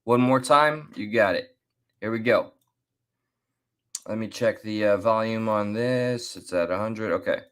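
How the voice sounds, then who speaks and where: A man's voice: fairly low pitch, clean tone. A man casually commenting while reacting to a clip, chatty and rambling, with restarts. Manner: chatty, laughs and restarts, drawn-out asides. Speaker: commentary host.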